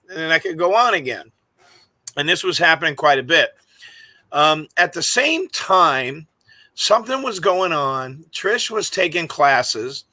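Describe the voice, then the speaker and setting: A man's voice: a little high, bright, forceful tone, dry recording, poor audio. A man co-hosting a casual video podcast, chatty and telling stories with easy laughs. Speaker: podcast co-host and park ranger. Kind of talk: casual chat.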